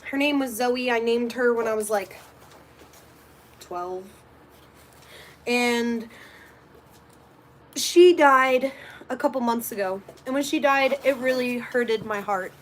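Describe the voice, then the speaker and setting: Chatty young woman livestreaming a dog walk. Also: fairly high pitch. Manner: chatty, talks baby talk to her dog. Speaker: livestream host. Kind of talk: casual livestream chat while walking a dog. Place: outdoors, walking around a residential complex.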